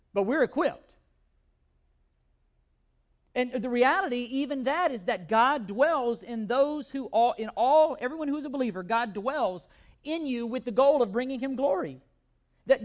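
A man preaching a sermon as pastor, emphatic, often repeating words and asking rhetorical questions. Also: extremely high pitch.

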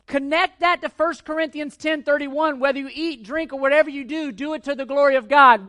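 A man's voice: extremely high pitch, steady tone, brisk, hardly any pauses, sharp tone. A man preaching a teaching sermon, earnest and emphatic, repeating key points and asking rhetorical questions of his listeners. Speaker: pastor.

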